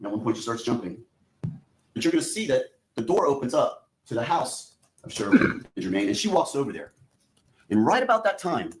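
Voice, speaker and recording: A prosecutor addresses a jury in a courtroom, a man of ordinary pitch laying out the evidence piece by piece. He keeps turning back to the jurors, telling them what they are going to see and hear, in a steady, methodical delivery. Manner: addresses the jury directly, repeating "you're gonna". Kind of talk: courtroom opening statement.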